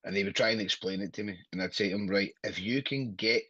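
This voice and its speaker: A Scottish man with a husky, low-pitched voice chats as a podcast guest, blunt, sweary and quick to laugh. The audio is dry and dull, with a lo-fi feel. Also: sharp tone, no room sound. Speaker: wrestler guest. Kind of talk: casual podcast chat.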